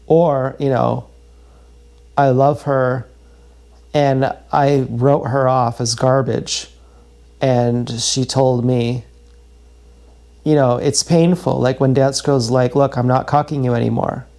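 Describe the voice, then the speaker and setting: A man livestreaming a raw, emotional confessional monologue, halting and repeating his words. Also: medium pitch, steady tone, mellow.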